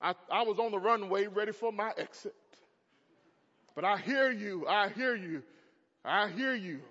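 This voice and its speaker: A man in his thirties preaching a sermon as a pastor, swinging from hushed tones to loud emphatic peaks. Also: sits high, unhurried. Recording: muffled sound in a large reverberant hall.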